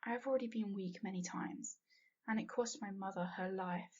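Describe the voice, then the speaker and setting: Woman reading a first-person fanfic, breathy and husky, dull lo-fi home mic. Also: medium pitch, normal speed, a little mellow. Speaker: fanfiction reader.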